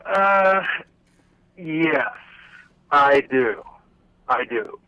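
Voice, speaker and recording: A man's voice: a little high, lively intonation, drawn-out words, no echo. Hesitant man guest over a phone line. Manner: hesitant, restarts phrases. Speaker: guest, former wrestler. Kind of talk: casual interview chat. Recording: dull dry phone line.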